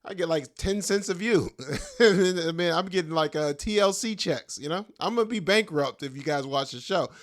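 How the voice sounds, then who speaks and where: Joking man, higher voice. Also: normal speed. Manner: joking, self-mocking, loose slangy talk with laughs. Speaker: podcast host and stand-up comedian. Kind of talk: casual rambling monologue.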